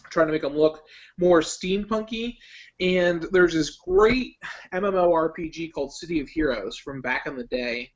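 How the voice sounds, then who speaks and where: Young man, high voice, animated storyteller, casual chat, dull lo-fi stream audio. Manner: animated storyteller, breaks into laughs. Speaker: guest contestant.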